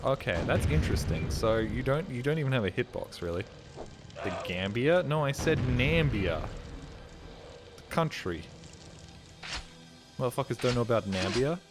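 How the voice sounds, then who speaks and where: A man's voice: medium pitch, lively intonation, normal speed, pauses often, music in the background. Rambling, cursing streamer man. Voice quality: profane, jokey, defensive. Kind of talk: casual rambling while gaming.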